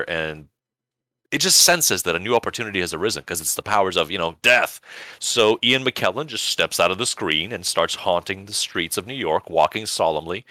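A man co-hosting a casual podcast, with a low voice and a bright, crisp edge. He talks in a lively, swinging way, profane and rambling. The sound is dry and close. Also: no echo. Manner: animated, profane, rambling storyteller. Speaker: podcast co-host.

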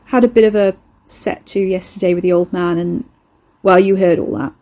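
A woman's voice: mid-range voice, fairly even intonation, moderate pace, dark tone, close to an everyday voice. A woman voicing a cocky young man who is an eldritch horror in human form, talking in a casual, slangy, offhand way. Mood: breezy. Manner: casual, slangy, chatty, unbothered.

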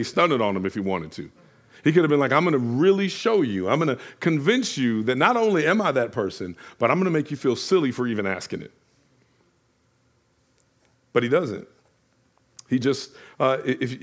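Male pastor with a somewhat high voice, preaching a sermon that moves from hushed to loud. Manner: dynamic preaching, swings from hushed to loud, repeats phrases for emphasis.

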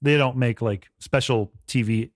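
A man co-hosting a podcast, cracking quick, dry jokes in casual banter. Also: medium pitch, steady tone, no echo. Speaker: podcast co-host. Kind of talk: casual chat.

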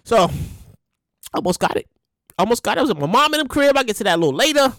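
A woman hosting a podcast in a casual monologue, with a loud voice and an animated, profane way of talking. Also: a little high, fast talker, dry recording. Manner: animated, profane, acts out quotes in bursts. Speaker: podcast host.

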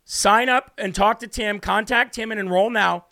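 A man hosting a talk show, ranting loudly and emphatically through political commentary with indignant outbursts. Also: high voice, normal speed, vocal fry.

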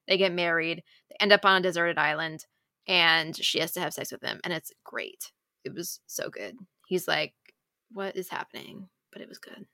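A young woman co-hosting a podcast, retelling romance plots in an animated, breathless rush. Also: fairly low pitch, normal speed, creaky, no room sound, clean studio sound. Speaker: podcast co-host. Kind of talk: casual chat about romance novels.

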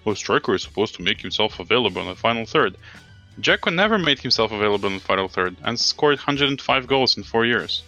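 A man's voice: lowish voice, animated, fast, sharp tone, muffled recording, faint music behind. A man co-hosting a casual football podcast, ranting in an exasperated way and swearing often. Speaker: podcast co-host.

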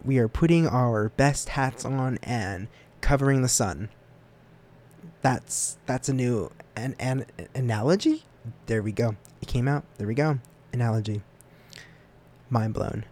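Speaking at a moderate pace, a young American man hosts his own student podcast alone, wandering loosely from thought to thought. He makes jokes at his own expense, and his pitch often springs upward before returning to a middle register.

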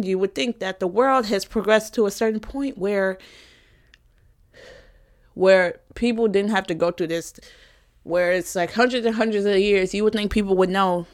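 A young woman in her twenties speaks straight to the camera in a candid vlog. She talks with an average pitch in a frank, emotional, casual way, swearing freely. The delivery is close and personal, like a student unloading her feelings. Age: 20s. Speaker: college student vlogger.

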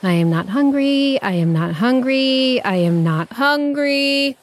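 A woman voicing a hungry, grumpy male fennec fox in a children's storybook reading, speaking gruffly and mockingly. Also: a little high, sing-song, takes it slowly, voice pushed up. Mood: grumbling.

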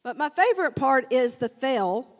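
A woman preacher giving a casual, animated sermon, telling the story conversationally and addressing the congregation as guys. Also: high-pitched, normal speed. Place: church sanctuary. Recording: long church hall reverb.

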